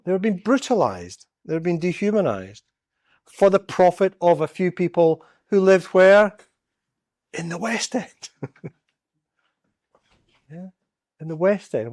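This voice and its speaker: A man's voice: high voice, animated, measured pace, long pauses, darkish tone, no room sound, studio quality. A man from Scotland, giving a storytelling public talk as a guest speaker in a church. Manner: storytelling, acts out quoted voices.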